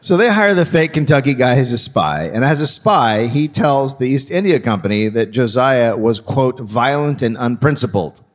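A man narrating comic history live on stage, his delivery dry and deadpan yet lively in pitch. His voice sits at an ordinary middle pitch while it rises and falls a great deal as he leads the audience through the tale. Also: normal speed, few pauses. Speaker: podcast host, storyteller.

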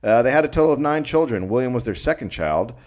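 A middle-aged man hosting a podcast, reading out a history story and breaking off for deadpan jokes. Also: mid-range voice, quick pace. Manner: deadpan storyteller, jokey asides.

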